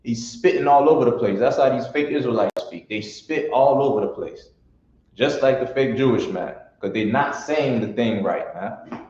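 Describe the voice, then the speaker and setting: A man's voice: medium pitch, normal speed, darkish tone. A man teaching a classroom lesson on pronunciation, sounding out syllables one by one in a blunt, informal way. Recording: echoey room from far off, dull lo-fi.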